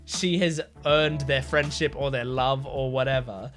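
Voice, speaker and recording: A man's voice: mid-range voice, fairly even intonation, unhurried, a bit bright, faint music behind. A man hosting a reaction video, talking casually with lots of fillers and restarts. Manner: rambling, many fillers and restarts. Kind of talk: casual talk.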